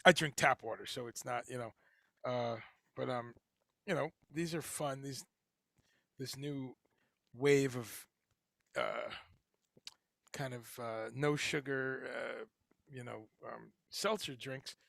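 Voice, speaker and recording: A man's voice: mid-range voice, expressive, takes it slowly, gravelly, pauses often, a bit bright, no echo, studio quality. A man hosting a casual livestream chat, talking in a rambling way with lots of fillers and restarts. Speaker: livestream host. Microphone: headphones and home streaming setup.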